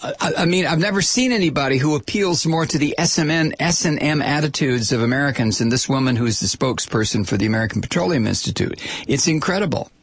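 A man's voice: a little high, lively intonation, fast talker, breathy edge, dry recording. A man delivering a rambling, profane political commentary monologue with plenty of digressions.

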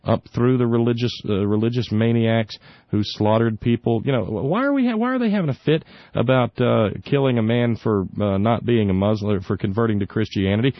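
A man's voice: medium pitch, a little fast, no echo. A man hosting a talk radio show, delivering opinionated political commentary in an indignant, sarcastic manner with frequent stumbles and restarts. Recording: dull lo-fi dry recording.

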